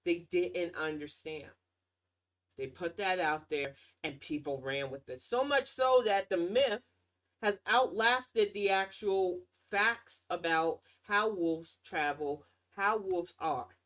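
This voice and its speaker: A woman hosting her own show, ranting in casual political commentary with a sarcastic, mocking tone and lively swings in pitch and loudness. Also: takes it slowly. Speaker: podcast host.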